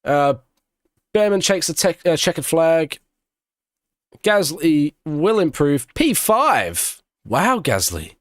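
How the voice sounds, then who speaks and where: A young man talks over a live race stream, breaking off to banter with his chat. His voice sits a little high for a man and comes across close and dry, with no room around it. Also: big pitch swings, takes it slowly, long pauses, dry recording. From Australia. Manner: chatty, banters with chat between race calls. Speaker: streamer doing live watch-along commentary.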